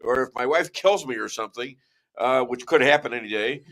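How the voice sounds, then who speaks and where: A man's voice: mid-range voice, a little fast. A man hosting a talk show, joking with guests and laughing often. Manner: jokey, laughs often, animated. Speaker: show host. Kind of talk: casual studio banter.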